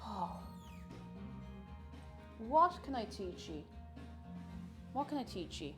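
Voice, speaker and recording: A woman's voice: medium pitch, big pitch swings, slow, over music. A woman with an Irish accent chatting casually with viewers while she cooks on a live stream. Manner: chatty, reads chat aloud and answers viewers.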